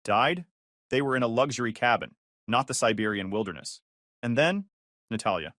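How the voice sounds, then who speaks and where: A man giving a sardonic, deadpan first-person story narration into a close mic. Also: medium pitch, normal speed, pauses often, dry recording.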